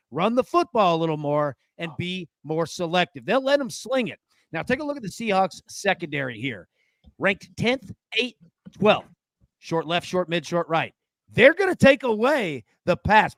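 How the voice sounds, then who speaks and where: A man's voice: sits high, fairly bright tone, no echo. A man co-hosting a sports betting show, casually breaking down football stats and talking straight to the viewer. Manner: coaching tone, talks to the viewer directly.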